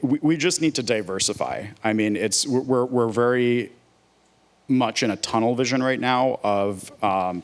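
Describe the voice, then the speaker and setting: Earnest man giving a conference panel answer. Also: fairly low pitch. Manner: earnest, opinionated, uses many fillers. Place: theater stage.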